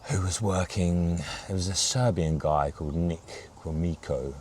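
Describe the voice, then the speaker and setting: Deep-voiced, rambling man. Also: unhurried, a little mellow. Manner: rambling storyteller, laughs often. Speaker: guest angler. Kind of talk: casual chat.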